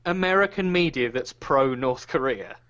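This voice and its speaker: Sarcastic British man, lively voice. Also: mid-range voice, normal speed. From Britain. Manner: sarcastic, crude, lively joking. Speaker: podcast co-host. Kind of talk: casual podcast banter. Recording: muffled lo-fi podcast audio.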